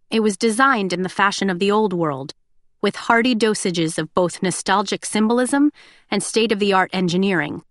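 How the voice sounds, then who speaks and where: A woman narrating an audiobook in a steady, unhurried storytelling voice. The recording is dry and close, with no room sound at all. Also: mid-range voice, dry recording. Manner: steady, descriptive reading. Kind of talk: scripted narration.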